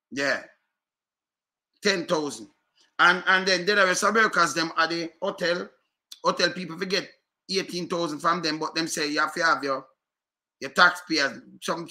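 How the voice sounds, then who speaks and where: A man's voice: on the high side, sharp tone. A man with a Jamaican accent ranting to his viewers, repeating himself and firing rhetorical questions. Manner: repetitive, fired-up, rhetorical questions. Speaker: commentator. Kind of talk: casual rant to viewers.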